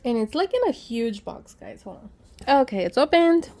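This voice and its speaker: A woman vlogger chatting excitedly as she unboxes gift mail, calling out to her viewers often. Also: high voice, moderate pace, a little hiss or hum. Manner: excitable, says "guys" constantly. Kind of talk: casual unboxing chat.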